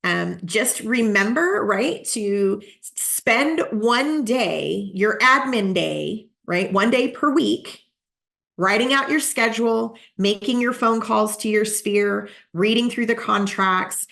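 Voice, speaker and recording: A woman's voice: medium pitch, slow pace, creaky, a bit bright. A woman real estate coach giving a live online coaching session, practical and repeating her key points for emphasis, over a video call.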